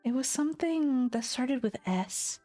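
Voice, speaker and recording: A young woman talks casually on a stream, rambling, swearing and breaking into giggles. Her voice sits a bit high and her delivery is slow and drawn-out. Faint music plays underneath. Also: lively intonation, mellow. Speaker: VTuber streamer.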